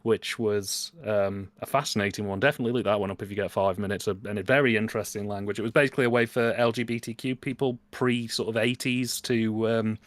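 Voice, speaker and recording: A man's voice: fairly low pitch, fairly even intonation, fast talker, few pauses, no echo. Playful British man, dry close sound. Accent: British English. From England. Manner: playful, mock-pompous wordplay. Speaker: guest co-host. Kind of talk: casual livestream chat.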